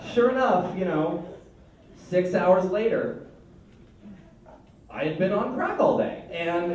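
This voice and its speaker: A man's voice: high-pitched, darkish tone, muffled recording, slight background noise. A man doing a stand-up set, rambling and stammering through restarts on a club stage. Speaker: stand-up comedian. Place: comedy club stage with audience. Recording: echoey club recorded from a distance.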